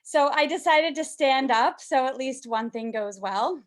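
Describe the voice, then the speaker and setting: Brief: young woman from canada, high voice, stand-up set, self-deprecating, lots of ums. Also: lively intonation, unhurried. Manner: self-deprecating, fillers like um, high sing-song put-on voices for baby talk. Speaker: stand-up comedian.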